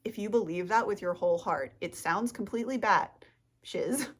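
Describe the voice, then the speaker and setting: A woman's voice: mid-range voice, moderate pace, husky. A woman talking to camera in a casual rambling monologue as a self-help vlogger, tripping over her words, losing her train of thought and giggling.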